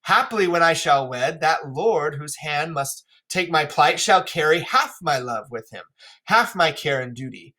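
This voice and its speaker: A man's voice: fairly high pitch, lively intonation, measured pace, pushed and bright, full character voice. A man reading a plain-spoken young princess. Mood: earnest. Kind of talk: classroom play read-aloud.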